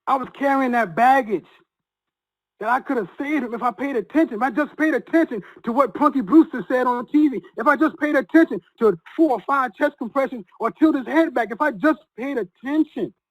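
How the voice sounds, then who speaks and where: A man's voice: very high-pitched, low-quality recording. Earnest man telling a personal story. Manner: earnest, halting, with many repeated restarts. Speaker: guest sharing a personal story.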